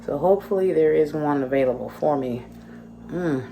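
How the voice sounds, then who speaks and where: Low-voiced woman chatting to her camera. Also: moderate pace, warm tone, slight background noise. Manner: chatty, talks to viewers while cooking. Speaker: vlogger. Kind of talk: casual home vlog. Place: home kitchen.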